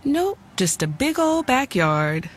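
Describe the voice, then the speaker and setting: A woman's voice: high voice, big pitch swings, slow pace, slight background noise, heavily acted. A woman acting an easygoing neighbor in an ad dialogue. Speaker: actor in ad skit. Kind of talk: friendly ad dialogue.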